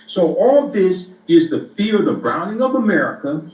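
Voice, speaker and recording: A man giving political commentary in a deliberate way, often pausing with uh. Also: high-pitched, sing-song, a little mellow. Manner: deliberate, many pauses with uh. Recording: roomy echo, distant from the mic.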